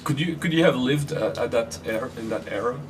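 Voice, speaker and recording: A man from France with a French accent interviewing an actress, halting and searching for his English words. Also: medium pitch, distant mic, slight background noise. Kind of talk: interview questions. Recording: voice from off-mic.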